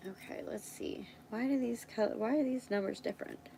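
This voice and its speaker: A woman's voice: on the high side, moderate pace, vocal fry, mellow, slight background noise, rough recording. A woman hosting a casual live stream, thinking aloud as she works and chatting with viewers. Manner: thinks aloud while working, chats with viewers.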